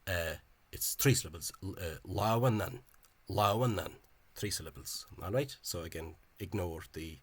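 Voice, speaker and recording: Deep husky-voiced man lecturing. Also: no room sound. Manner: hesitant and halting, with frequent pauses and restarts; opinionated and scornful of the official spelling. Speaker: language enthusiast presenting a video lecture. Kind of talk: informal spoken lecture over on-screen examples.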